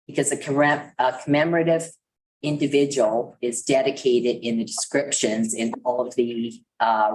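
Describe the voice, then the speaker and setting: A woman's voice: extremely low pitch, darkish tone, slight background noise, poor audio. A woman councillor in a council chamber, methodically going through a policy clause by clause while losing her voice. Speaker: city councillor. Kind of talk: council debate, reading out policy.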